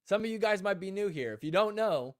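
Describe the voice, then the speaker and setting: A young adult man hosting a casual live stream, telling animated stories, acting out what people said, and laughing often. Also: high voice, fairly quick, dry recording, studio quality. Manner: animated storyteller, acts out quotes, laughs often. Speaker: host.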